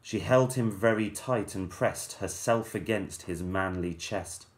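Slow, playful teacher reading rhymes. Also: male voice, deep voice. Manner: measured, playful storyteller. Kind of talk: reading a rhyming story aloud to children.

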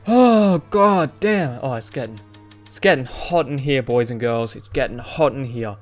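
A young man giving excitable, profane let's-play commentary while talking to his viewers. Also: mid-range voice, moderate pace, faint music behind. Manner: excitable, swears freely, talks to viewers. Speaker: gaming YouTuber.

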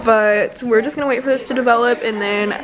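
A woman's voice: on the high side, steady tone, brisk. A young woman, chatting casually to camera in a bubbly, giggly way. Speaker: vlogger. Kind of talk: casual vlog chat.

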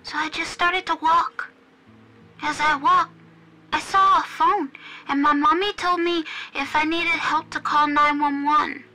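A woman voicing a frightened three-year-old ghost girl in a horror story, speaking slowly in a small childlike voice. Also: sits high, steady tone, bright, forceful tone, a little hiss or hum, exaggerated voice, low-quality recording. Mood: scared.

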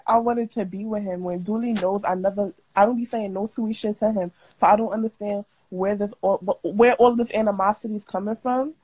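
A woman's voice: medium pitch, darkish tone, breathy edge, rough recording. A young woman arguing bluntly and defiantly as a guest on a livestream. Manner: blunt, defiant, fast-talking. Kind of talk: livestream argument.

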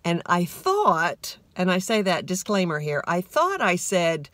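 A woman's voice: lowish voice, very animated, a little slow, a bit bright, no room sound. A middle-aged woman hosting a podcast, rambling through a casual, self-deprecating monologue. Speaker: podcast host.

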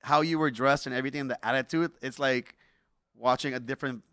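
A man's voice: medium pitch, steady tone, fast talker, fairly bright tone, clean tone, no echo. A man from Aruba co-hosting a casual podcast, joking around and mixing English with Papiamento. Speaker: podcast co-host.

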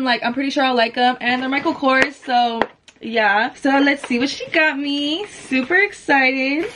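High-voiced young woman vlogging casually. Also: normal speed, background noise. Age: 20s. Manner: chatty, lots of "like" fillers; talking softly so as not to wake someone. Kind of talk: casual vlog chat. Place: at home.

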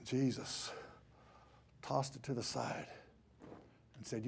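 A man preaching a sermon in a church, swinging from impassioned shouting to hushed tones. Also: mid-range voice, fairly even intonation, takes it slowly, vocal fry, long pauses, slightly rough. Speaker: pastor.

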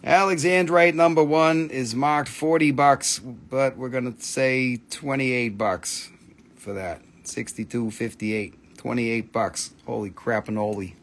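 A man's voice: medium pitch, fairly even intonation. Blunt, swearing live-sale host man. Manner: blunt, swears freely, quick price calls. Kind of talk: casual live-sales patter.

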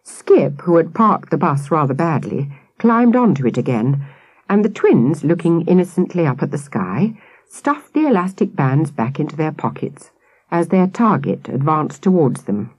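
Low, husky woman reading a children's book aloud, lively and expressive, dry studio sound. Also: normal speed, no echo. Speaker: audiobook narrator. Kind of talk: children's audiobook narration.

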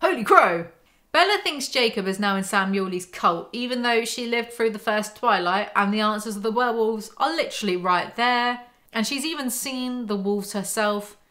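A young woman with a mid-pitched, everyday voice hosts a book breakdown vlog. She reads passages aloud and cuts in with sarcastic, exasperated remarks. She speaks close to the mic. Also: a bit bright. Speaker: book commentary host. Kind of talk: reading from a novel with sarcastic commentary.

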